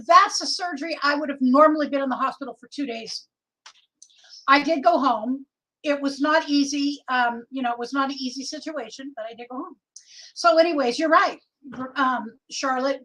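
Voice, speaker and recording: High-pitched woman, chatty livestream host, middle-aged, reads comments aloud. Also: a bit bright, poor audio. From Oregon. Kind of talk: casual livestream chat.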